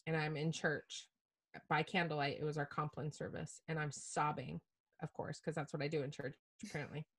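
A middle-aged woman telling a personal story as a podcast guest, animated and self-mocking, swearing casually. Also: sits low, normal speed, breathy edge.

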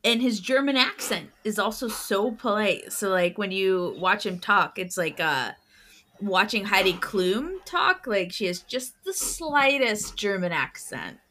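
Bright-voiced chatty woman co-host. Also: medium pitch, animated, a little slow. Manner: chatty, rambling with fillers. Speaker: podcast co-host. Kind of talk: casual chat.

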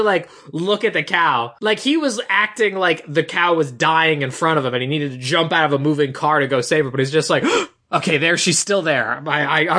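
A man in casual chat, recapping a movie scene by scene and acting out the characters' lines in quick snippets. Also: a little high, pushed and bright.

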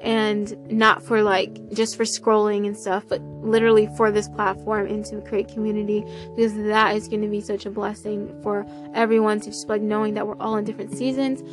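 A woman hosting a casual devotional podcast, reading scripture aloud in an excitable, effusive way and sprinkling in hallelujahs. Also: mid-range voice, moderate pace, hardly any pauses, over music.

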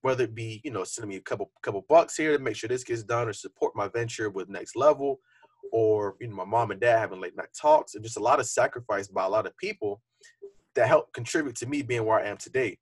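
A young man speaking fast in a relaxed, earnest podcast chat, his voice a little husky. He reflects openly and keeps the talk loose with fillers. The sound is close and dry, with no room around it. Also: fairly low pitch, dry recording. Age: young adult. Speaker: podcast co-host. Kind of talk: casual podcast conversation.

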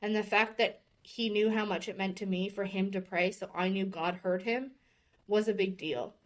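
A woman's voice: mid-range voice, fairly even intonation, normal speed. A woman in her thirties, a podcast guest, candidly telling a personal story with open emotion. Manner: earnest and openly emotional, speaking candidly.

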